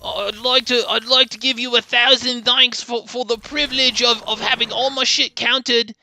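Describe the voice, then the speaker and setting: A man's voice: little pitch movement, moderate pace, bright, forceful tone, slight background noise, exaggerated voice. A man putting on a smug, posh British voice for a haughty male card-game opponent. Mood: mock-groveling. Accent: put-on British. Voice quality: high, haughty, mock-courteous.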